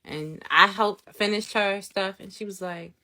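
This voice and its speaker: Young woman vlogger doing a storytime, chatty and animated, laughs a lot. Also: medium pitch, unhurried. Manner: animated, laughs often, acts out quotes. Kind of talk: storytime vlog, casual retelling.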